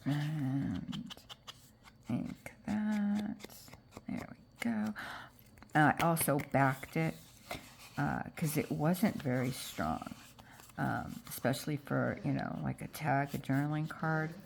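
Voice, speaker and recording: Gravelly, stuffy-voiced woman crafting. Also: low-pitched, takes it slowly, a little hiss or hum. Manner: chatty and self-deprecating, with frequent fillers. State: stuffy and low-voiced from allergies. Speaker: junk journal crafter. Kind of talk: casual crafting tutorial chat.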